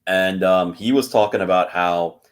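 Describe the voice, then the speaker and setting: A man's voice: deep voice, moderate pace, clear, resonant tone. A man co-hosting a podcast, talking casually and rambling with many fillers and restarts. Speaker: podcast co-host.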